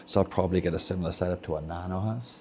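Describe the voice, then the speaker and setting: Welsh man, very deep voice, rambling casual stream chat, faint room hum behind. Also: little pitch movement, very fast, a little mellow. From Wales. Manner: rambling, chatty, self-correcting as he works. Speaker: streamer repairing game controllers. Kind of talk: casual livestream chat while tinkering. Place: home workshop with soldering bench.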